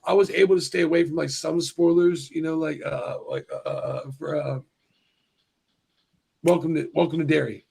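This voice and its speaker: A man hosting a livestream in casual chat, talking excitably, swearing a lot and restarting his sentences. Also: fairly high pitch, normal speed, creaky, slightly rough. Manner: profane and excitable, heavy restarts. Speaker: livestream host.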